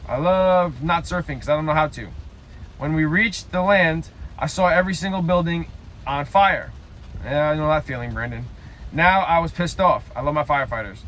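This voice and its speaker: A man's voice: a little high, a little hiss or hum. Joking New man reading aloud. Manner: reads haltingly, breaks off for loud self-mocking side comments. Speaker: vlogger reading aloud a childhood story. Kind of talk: casual read-aloud with joking asides.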